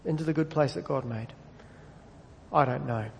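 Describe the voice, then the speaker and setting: A man preaching a sermon in a relaxed, conversational way, often restarting words as he goes. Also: fairly high pitch, moderate pace, vocal fry, in a large hall. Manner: conversational, self-correcting preacher. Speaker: pastor.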